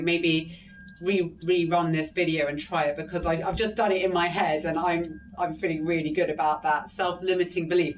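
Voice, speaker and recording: Lowish-voiced upbeat woman host. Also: a little hiss or hum. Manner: upbeat, laughs often. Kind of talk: casual interview. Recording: voice from a distance to the mic.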